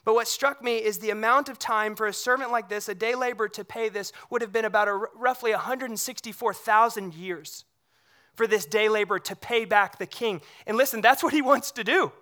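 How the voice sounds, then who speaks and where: Pastor, sermon delivery: bright, forceful tone, conversational, animated when retelling scripture. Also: mid-range voice, a little fast. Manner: conversational, checks in with the congregation using rhetorical questions.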